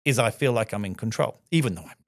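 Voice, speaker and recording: A man's voice: lowish voice, expressive, fast, no room sound. A middle-aged man speaking as a podcast guest, reflective and emphatic, often adding rhetorical "right?" asides.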